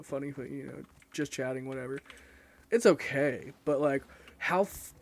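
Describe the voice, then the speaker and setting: During a casual gaming stream, a young man with a gravelly, medium-pitched voice chats aimlessly. He swears often and keeps turning jokes on himself.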